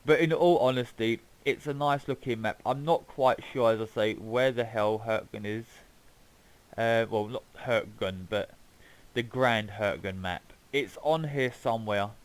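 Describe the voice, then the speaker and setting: A man's voice: medium pitch, measured pace, clear, resonant tone, low-quality recording. A man giving casual, rambling gameplay commentary as he flies around a map, swearing now and then. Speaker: gaming YouTuber.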